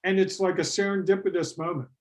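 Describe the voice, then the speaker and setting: A middle-aged man leads a business workshop in a relaxed, talky way, with a voice pitched a little above the usual for men. He tells stories and slips into the voices of the clients he quotes. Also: quick pace. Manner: animated storytelling, acts out quoted clients. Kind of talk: conversational workshop talk.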